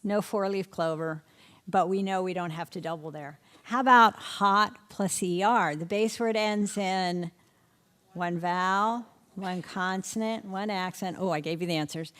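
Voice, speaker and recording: A woman's voice: on the low side, unhurried, fairly bright tone, smooth. Woman teaching spelling rules. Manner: quizzing questions, answering them herself. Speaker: literacy instructor. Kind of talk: spelling lesson to an audience of teachers.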